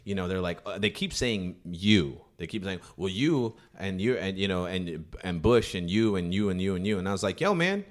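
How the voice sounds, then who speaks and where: Low-voiced profane male storyteller. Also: moderate pace, few pauses. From South Sacramento, California. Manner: profane, laughs often, quotes himself. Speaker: podcast guest telling a story. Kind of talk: casual storytelling chat.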